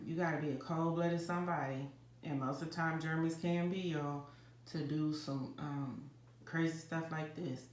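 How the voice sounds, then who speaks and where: A woman's voice: deep voice, darkish tone. A woman tarot reader giving a casual, dramatic psychic reading at home, talking straight to her viewers. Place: home kitchen. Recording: roomy home echo.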